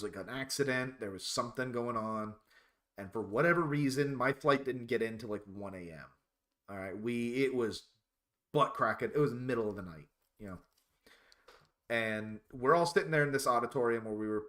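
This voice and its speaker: A man's voice: mid-range voice, sharp tone. A man casually telling rambling stories on a live stream, laughing at his own tales.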